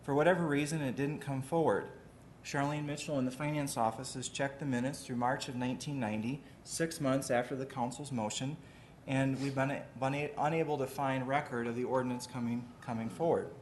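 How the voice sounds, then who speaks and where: A man, the mayor, giving a measured, deliberate formal address at a city committee meeting in a council chamber. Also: medium pitch, steady tone, a little hiss or hum.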